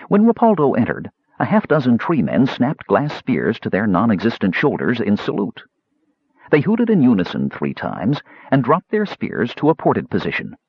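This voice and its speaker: Husky male audiobook narrator, measured scripted reading with a very lively pitch, dry close lo-fi recording. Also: dry recording.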